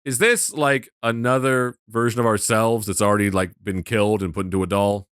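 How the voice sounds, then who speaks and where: A man's voice: fairly low pitch, steady tone, brisk, fairly bright tone, smooth. A man giving casual gameplay commentary with crude, sarcastic humor.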